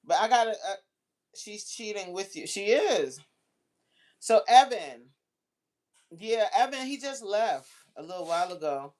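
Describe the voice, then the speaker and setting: A woman's voice: mid-range voice, animated, measured pace, pauses often, darkish tone. A woman hosting a casual livestream, reading out chat comments and bantering back in a playful, teasing way.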